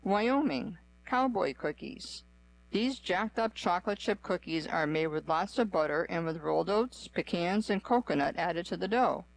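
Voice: mid-range voice, lively intonation, moderate pace, vocal fry, low-quality recording. A narrator giving a scripted, evenly read-aloud run through a list.

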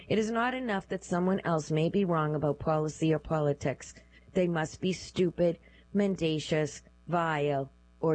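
A woman narrating a news article aloud in a measured, even, scripted read. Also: low voice, rough recording.

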